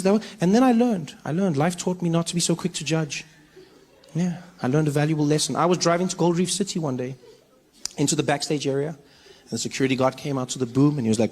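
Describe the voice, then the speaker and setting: A man with a South African accent doing stand-up, telling animated stories and playing many voices. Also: on the high side, quick pace. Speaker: stand-up comedian. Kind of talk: stand-up comedy. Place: stage in front of a live audience. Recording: live stage recording with faint noise.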